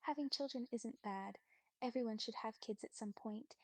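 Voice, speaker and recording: A woman giving calm, polite, reassuring replies in an even chatbot voice. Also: a little high, normal speed, no echo.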